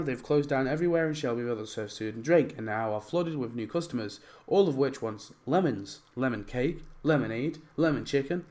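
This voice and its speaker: A young man talks through his ideas for a mobile game in a loose, rambling way, leaning on "like" and "you know" as he goes. His voice is hoarse and worn, as if he is losing it. His pitch sits in an ordinary middle range. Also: a little mellow. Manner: rambling, many fillers. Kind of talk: casual commentary over gameplay.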